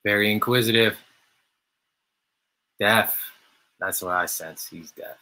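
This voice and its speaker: Man voicing a virtual art workshop live, slow and playful, bright tone, big pitch swings, short exclaimed phrases. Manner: animated, short exclamations and playful voiced reactions. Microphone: video call.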